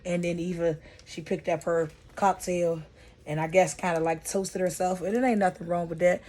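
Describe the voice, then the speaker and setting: A woman casually recapping TV episodes for her vlog, chatty and slangy with plenty of profanity, her pace and loudness often shifting. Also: fairly low pitch, steady tone, normal speed. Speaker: vlogger reviewing a TV series.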